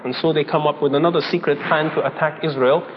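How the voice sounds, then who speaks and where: A man's voice: on the high side, fairly even intonation, quick pace. A man preaching a sermon, telling a story and acting out its dialogue, often laughing as he goes. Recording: old lo-fi recording in a reverberant hall with faint noise.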